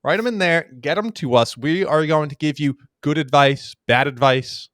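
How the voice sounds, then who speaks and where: Recorded cleanly in a studio with no room sound, this fairly high-pitched young man speaks at a normal pace. As a podcast co-host, he swaps casual stories animatedly and laughs often.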